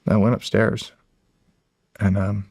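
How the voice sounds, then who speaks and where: A man's voice: fairly low pitch, flat delivery, measured pace, vocal fry, darkish tone, dry recording, clean studio sound. A middle-aged American man, a podcast guest, telling a long story in a rambling, casual way and acting out the quotes. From United States. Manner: rambling, acts out quotes, repeats "he's like".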